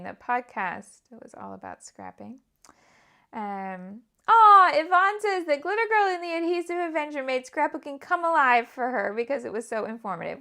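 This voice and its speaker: A woman with a British accent hosting a live scrapbooking stream. She chats casually and drops into soft, half-whispered asides to herself as she works. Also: on the high side, creaky. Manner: chatty, muttering half-whispered asides to herself while working. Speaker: scrapbooking livestream host. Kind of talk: casual live crafting chat.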